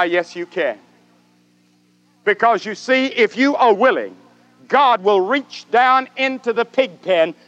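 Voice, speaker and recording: An older man preaching a sermon dramatically, with swelling repetitions and long pauses. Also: very high-pitched, fairly bright tone, no echo, lo-fi sound. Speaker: evangelist preacher.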